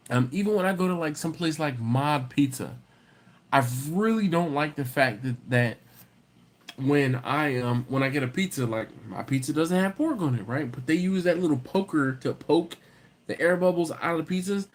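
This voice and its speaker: A man's voice: mid-range voice, normal speed. A man hosting a barbecue live stream, chatting casually, reading viewer comments and joking with them by name. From lives in Baltimore area, not from there. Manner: animated, jokey, greets viewers by name.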